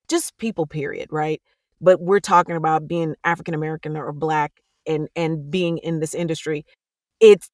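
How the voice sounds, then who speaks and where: A woman's voice: on the low side, no echo, studio quality. A woman audiobook narrator speaking as a podcast guest, earnest and passionate, with careful diction. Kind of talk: candid podcast conversation.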